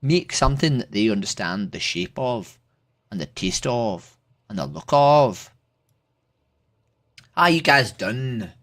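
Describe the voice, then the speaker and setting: This Irish-accented man, a streamer, talks with strangers on a livestream in a fairly low, animated voice at a slightly slow pace. His casual chatter rambles, packed with fillers and swearing.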